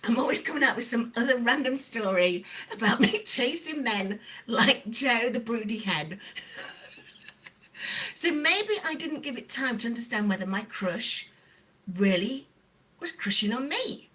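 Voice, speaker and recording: A woman's voice: on the high side, expressive, unhurried, bright, forceful tone. A middle-aged woman with a Nottingham accent, chatting casually on a livestream and reading out viewer comments with frequent giggles. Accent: Nottingham English. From England. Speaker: livestream host. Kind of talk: casual livestream chat while sewing.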